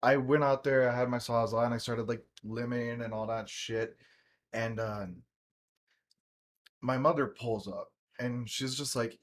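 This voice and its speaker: A man co-hosting a gaming podcast, telling stories in casual chat, swearing often and animated. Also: medium pitch, moderate pace. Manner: profane, animated storyteller. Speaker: podcast co-host.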